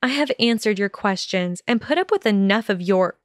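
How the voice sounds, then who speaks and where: A woman voicing a sharp-tongued, indignant teenage witch, clipped and defiant, in a fan audiobook. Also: mid-range voice, expressive, moderate pace, no room sound, clean studio sound, close to an everyday voice.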